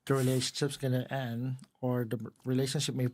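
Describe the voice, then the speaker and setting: A man hosting an interview podcast, asking questions politely and encouraging his guest with soft affirmations. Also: medium pitch, level tone, brisk. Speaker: podcast host.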